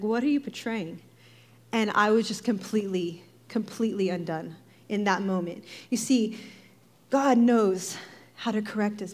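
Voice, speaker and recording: A woman giving a devotional talk, telling a personal story in a lively, animated way, acting out voices and laughing often. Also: on the high side. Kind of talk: sermon-style personal storytelling.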